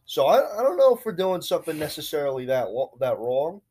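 A man's voice: a little high, very animated, brisk, darkish tone, breathy edge. A young man hosting a casual podcast chat with friends, upbeat and rambling. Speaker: podcast host.

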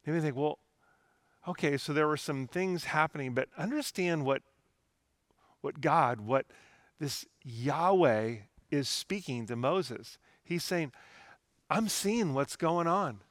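A man's voice: on the high side, takes it slowly, dry recording. A middle-aged man preaching a sermon as pastor, earnest and conversational, mixing personal stories with scripture.

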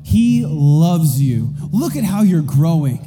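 A preacher voicing a tender, loving Holy Spirit. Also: male voice, fairly high pitch, sing-song, takes it slowly. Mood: encouraging. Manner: tender, reassuring. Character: gentle male Holy Spirit, loving and encouraging. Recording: reverberant hall with faint music.

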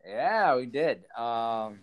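A man's voice: medium pitch, expressive, drawn-out words, lo-fi sound. A man co-hosting a podcast, rambling through a story in casual chat with lots of fillers and restarts. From Illinois. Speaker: podcast co-host.

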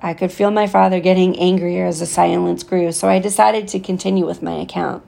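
A woman reading a novel aloud, with steady, expressive storytelling. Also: fairly low pitch, brisk, gravelly, few pauses. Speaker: reader.

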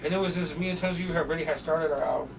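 Gravelly young man telling animated stories. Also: fairly high pitch, racing. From North Portland, Oregon, US. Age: young adult. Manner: animated, profane storytelling full of acted-out quotes. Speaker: guest rapper. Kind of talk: casual storytelling interview. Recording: distant mic with noisy background.

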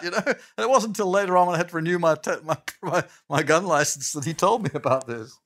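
An older man, a guest on an interview, telling long anecdotes in a lively, chuckling way and often restarting his sentences. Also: fairly high pitch, quick pace, few pauses. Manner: animated, chuckling storyteller who trails off and restarts. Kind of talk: anecdotal storytelling in a casual interview.

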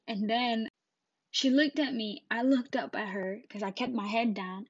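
A woman's voice: a little high, normal speed, no room sound. A woman hosting a podcast, telling a personal story casually and animatedly, acting out the scenes. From Jamaica. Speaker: podcast host. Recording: dull lo-fi dry recording.

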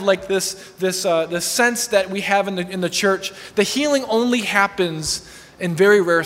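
A man's voice: sits high, a bit bright. A man preaching a sermon, telling a personal testimony in an earnest, storytelling way with frequent restarts. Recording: long hall reverb.

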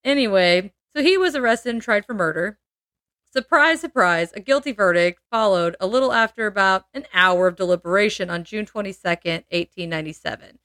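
A woman's voice: mid-range voice, a little fast, fairly bright tone, dry recording, clean studio sound. A woman hosting a podcast, telling a true-crime story in casual chat, laughing often and adding playful asides.

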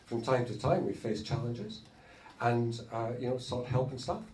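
A man co-leading a marriage course, talking informally to a group of couples in a good-humoured, halting way and laughing often. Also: mid-range voice, expressive, a little mellow, soft background music. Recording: roomy hall, distant mic, faint noise.

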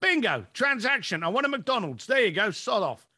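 A man's voice: high voice, big pitch swings, normal speed, bright, forceful tone. A man, a business coach telling stories in a podcast conversation and acting out his clients' lines.

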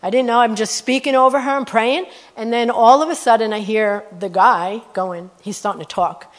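A woman telling a story in a sermon, animated, repeating her phrases. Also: mid-range voice. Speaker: speaker sharing testimony. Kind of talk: sermon testimony. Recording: long hall reverb.

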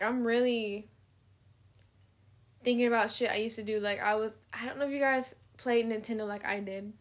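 A nineteen-year-old woman hosting a casual solo podcast, rambling with lots of fillers and swearing, with a slight lisp. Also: mid-range voice. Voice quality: says she has a slight lisp. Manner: rambling, swears freely, filler-heavy, laughs at herself. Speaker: podcast host.

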